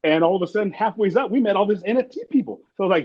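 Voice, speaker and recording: A man's voice: sits high, expressive, racing, darkish tone, a little hiss or hum. A man in an interview, telling stories casually in a rambling, profane way and acting out what people said. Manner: rambling, profane, acts out quotes. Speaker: interview guest. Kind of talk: casual storytelling. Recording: muffled lo-fi sound.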